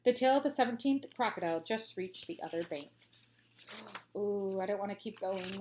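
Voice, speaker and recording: A woman reads a children's chapter book aloud in her plain, middle-pitched voice. She tells the story clearly and expressively and adds playful asides. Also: normal speed, a little mellow, slight background noise. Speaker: teacher reading aloud.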